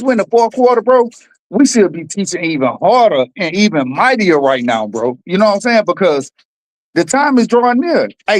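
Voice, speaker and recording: Man, slightly raised pitch, urgent casual exhorter. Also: rough recording. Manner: urgent, exhorting, calls everyone bro. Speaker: co-host teacher on a scripture stream. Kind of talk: casual preaching chat.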